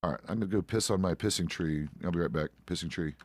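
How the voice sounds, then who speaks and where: A man's voice: sits low, fast talker, a little mellow, dry recording. A middle-aged man, a roleplay streamer, chatting out of character in a laid-back, rambling, profane way. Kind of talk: casual out-of-character chat.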